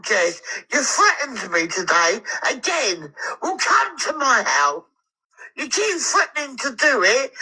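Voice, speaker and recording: A woman's voice: sits high, bright, forceful tone, low-quality recording. A woman ranting angrily on a live stream, swearing heavily and close to tears at times. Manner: furious, swearing, tearful at times. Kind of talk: angry live-stream rant.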